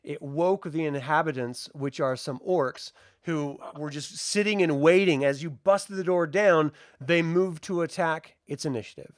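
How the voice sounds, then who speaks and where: A man's voice: a little high, measured pace, hardly any pauses, no room sound, clean studio sound. A man narrating a tabletop game as game master, casual and chatty.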